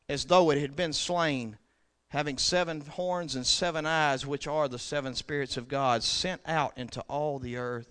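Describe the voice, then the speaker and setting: A man preaching a sermon, moving between quiet scripture reading and loud, soaring declarations. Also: a little high, a little slow.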